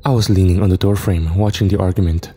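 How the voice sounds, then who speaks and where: Deep, dark-voiced male horror narrator. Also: fast talker, husky. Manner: steady, reflective first-person narration. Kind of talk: first-person horror story narration. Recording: reverb with faint music.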